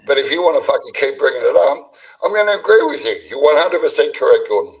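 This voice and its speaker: A man's voice: a little high, very animated, fast talker. Profane, ranting Australian man, slightly distant. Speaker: stream guest. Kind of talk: heated casual chat.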